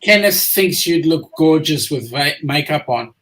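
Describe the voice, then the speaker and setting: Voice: mid-range voice, animated, unhurried, fairly bright tone. Chatty host reading comments, faint noise. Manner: chatty, reads out viewer comments. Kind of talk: casual group video chat. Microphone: video call.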